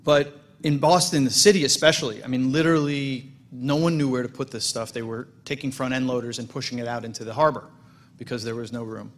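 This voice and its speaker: A man's voice: mid-range voice, steady tone, a little fast. A middle-aged man, the president of a congregation, giving a casual, storytelling welcome speech with self-deprecating humor.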